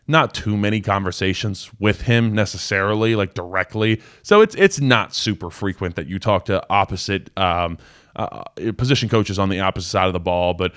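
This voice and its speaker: A man's voice: low voice, moderate pace, fairly bright tone, clear, resonant tone. Young guy hosting a football call-in show, talks loose and rambly, lots of likes and you knows. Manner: casual, rambling storyteller with many fillers. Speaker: show host, former college football player. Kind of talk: live call-in sports talk.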